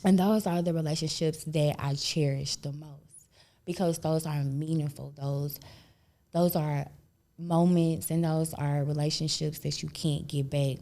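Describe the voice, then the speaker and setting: A woman's voice: deep voice, unhurried. Blunt, slangy woman in her thirties. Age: 30s. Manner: blunt, animated, laughs often, slangy. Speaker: podcast host. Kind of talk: casual chat.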